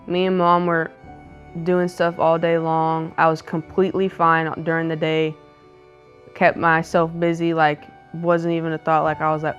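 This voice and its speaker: A young woman speaks softly in a low, flat voice, hesitating and filling pauses with "like". She tells her story in a casual, personal way. Faint music plays underneath. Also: highs cut off. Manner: soft, hesitant, many "like" fillers. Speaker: wife co-host of couple's channel.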